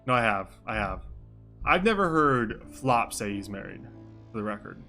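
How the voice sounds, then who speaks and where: A man's voice: lowish voice, sing-song, normal speed, sharp tone, soft background music. A young man streaming a role-play, narrating and reacting in a self-mocking, casually swearing way.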